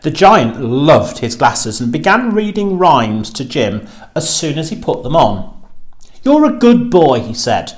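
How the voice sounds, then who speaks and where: A man reading a children's storybook aloud, with a slow and expressive delivery. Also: mid-range voice.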